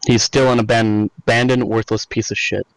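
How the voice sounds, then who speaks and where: A man's voice: mid-range voice, little pitch movement, fairly quick, slight background noise, rough recording. A man playing a tabletop game over a voice call, describing his character's taunts with glee. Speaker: player. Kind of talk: casual tabletop game play.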